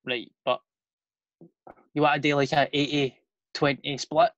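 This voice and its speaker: A man's voice: a little high, little pitch movement, unhurried, fairly bright tone, lo-fi sound. A Scottish man hosting a casual podcast chat, teasing his guest with jokey banter and swearing.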